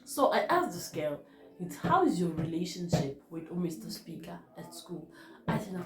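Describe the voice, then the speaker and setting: Soft-spoken South African woman vlogger. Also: fairly low pitch, sing-song, moderate pace, roomy sound, a crowd in the background. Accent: South African, mixing in Zulu. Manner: hushed and subdued when recalling events, code-switching. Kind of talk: personal storytelling to camera.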